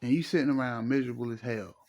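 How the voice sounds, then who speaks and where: A man's voice: mid-range voice, steady tone, racing, gravelly, darkish tone, dull audio. A middle-aged man, giving preachy, emphatic relationship advice in a casual monologue and repeating his phrases. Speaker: relationship commentator.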